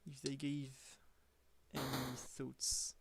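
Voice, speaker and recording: A woman's voice: rumbling low, monotone, very slow, very noisy. A woman streaming a game live, thinking aloud and teasing both herself and the game. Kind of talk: live gameplay commentary.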